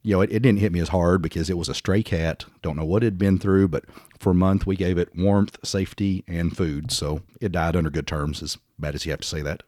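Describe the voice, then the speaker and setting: A man's voice: deep voice, fairly even intonation, brisk, darkish tone, dry recording, studio quality. A man in his fifties with a Southern US accent, co-hosting a podcast in casual chat, blunt and self-mocking, swearing freely. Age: 50s. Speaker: podcast co-host.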